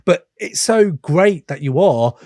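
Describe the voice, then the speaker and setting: Enthusiastic host, higher voice. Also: male voice, animated, takes it slowly, a little mellow, no room sound, clean studio sound. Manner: enthusiastic, effusive praise. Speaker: podcast host. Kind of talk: casual interview chat.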